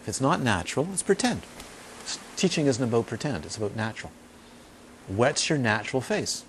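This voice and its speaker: A man's voice: mid-range voice, fairly quick, a little hiss or hum. A man giving an informal dharma talk as a meditation teacher, telling stories with emphatic repetition and acting out the voices of people he quotes. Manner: animated storytelling, acts out quoted voices.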